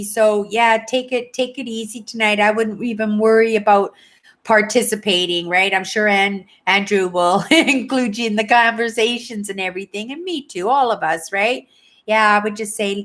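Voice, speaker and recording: Chatty woman in her sixties, higher voice. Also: a bit bright. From Canada. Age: 60s. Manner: chatty, rambling, tags "right?" after most sentences. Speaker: livestream host. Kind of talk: casual chat with live viewers.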